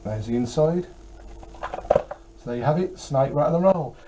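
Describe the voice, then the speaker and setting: A man's voice: on the high side, animated, moderate pace, very noisy. A tired man chatting casually about his game collection, rambling with many fillers. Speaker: retro game collector vlogger. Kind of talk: casual chat.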